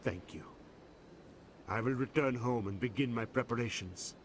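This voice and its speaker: A man voicing a grieving widower in a video game, speaking softly in a slow, formal way. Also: medium pitch, a little hiss or hum, lightly acted. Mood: solemn.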